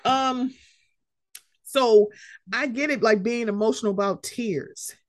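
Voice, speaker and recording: A woman co-hosting a casual chat about reality TV, slangy and animated, acting out quotes as she talks. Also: a little high, takes it slowly. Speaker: podcast co-host.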